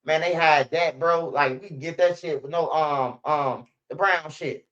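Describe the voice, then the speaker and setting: A man's voice: on the high side, a little slow, fairly bright tone, highs cut off. A young man, telling stories in a rambling, slang-heavy, profane way as a channel host. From Chicago. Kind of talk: casual storytelling commentary.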